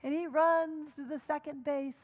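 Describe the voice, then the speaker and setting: A woman minister delivers a storytelling sermon in a somewhat high voice. She talks conversationally, with fillers and asides. Her level swings from loud calls down to soft near-whispers. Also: fairly even intonation, moderate pace, rough recording.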